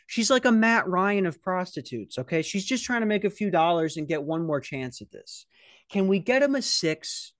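A young man hosting a podcast, telling rambling, profane stories in a casual, animated way. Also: medium pitch, no room sound, studio quality. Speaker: podcast host. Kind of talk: casual storytelling. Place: security office at night.

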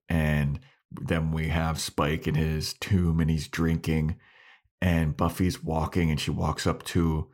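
A man co-hosting a podcast, casually recapping a TV episode scene by scene and acting out the characters' lines with swearing. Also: sits low. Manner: retells scenes with acted-out quotes and swearing. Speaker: podcast co-host.

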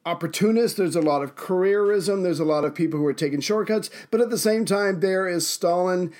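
A man co-hosts a laid-back history podcast. His voice sits fairly high, and he talks in quick banter. He fires short asides back at his partner. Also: darkish tone. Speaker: podcast co-host. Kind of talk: casual history podcast chat.

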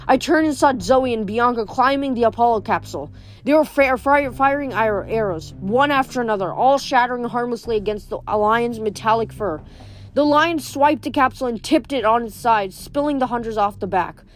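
A woman reading a novel aloud in a steady storytelling voice, with small slips and restarts. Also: fairly high pitch, normal speed. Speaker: reader.

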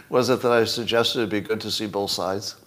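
A man's voice: on the low side, steady tone, moderate pace, a bit bright. A man in his sixties hosting a solo commentary show, rambling and self-mocking with frequent chuckles. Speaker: podcast host.

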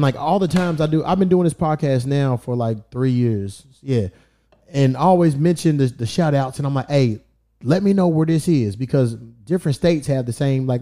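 A man's voice: mid-range voice, mellow. A man hosting a casual podcast, talking loosely and swearing as he reads out where his listeners are. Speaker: podcast host. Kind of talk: casual chat.

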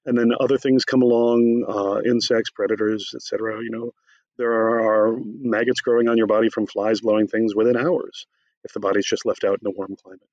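A man discussing his book in an animated conversation, talking fast and excitedly with many asides. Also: fairly low pitch, no room sound, muffled recording.

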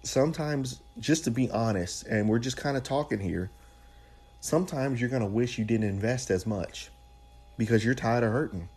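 A man's voice: medium pitch, moderate pace, darkish tone, husky. A man preaching a sermon in a conversational way, repeating phrases for emphasis.

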